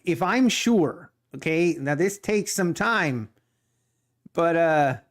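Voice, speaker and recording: A middle-aged man rambles through jokey, casual talk on a live stream, laughing easily as he answers the chat. His voice sits a little high, and he speaks at an unhurried, drawn-out pace. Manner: laughs often, rambling and joking. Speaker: live-streaming day trader.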